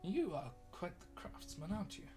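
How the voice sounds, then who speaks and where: A British man voicing a fussy, polite male wizard with refined taste, speaking softly and courteously. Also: sits high, sing-song, normal speed, over music, pitched above the performer's own voice. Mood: charmed.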